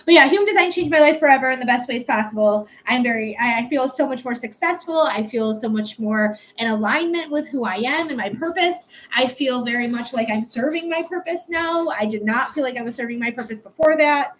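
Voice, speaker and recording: A young adult woman hosting a live psychic reading stream, chatting casually, swearing now and then and pitching her readings upbeat. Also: animated, brisk, hardly any pauses, fairly bright tone, slight background noise. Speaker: livestream psychic reader. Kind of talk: casual livestream chat.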